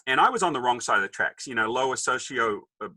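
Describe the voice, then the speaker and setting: Australian man in his fifties, jokey guest storyteller, piercing bright tone. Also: medium pitch, quick pace, dry recording, low-quality recording. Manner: animated, joking storyteller acting out dialogue. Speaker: podcast guest. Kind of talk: casual storytelling.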